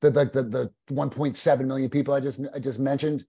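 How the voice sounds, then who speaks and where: A man hosting a podcast, rambling through jokes and exaggerated bits. His voice is husky and mellow in tone. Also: mid-range voice, fairly even intonation, quick pace. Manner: joking, rambling. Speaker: podcast host. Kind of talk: casual banter.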